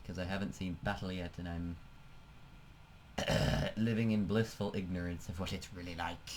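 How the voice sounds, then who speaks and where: Chatty low-voiced man thinking aloud. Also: steady tone, moderate pace, slight background noise. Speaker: let's play host. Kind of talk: casual gameplay commentary.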